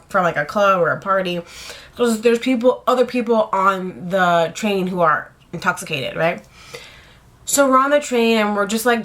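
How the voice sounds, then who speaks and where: A woman's voice: mid-range voice, a bit bright. A young woman in her twenties tells a wild story straight to the camera. Her talk rambles, packed with "like" and casual swearing, and she has a middle-range voice. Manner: rambling, heavy on "like" fillers, swears freely. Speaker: vlogger.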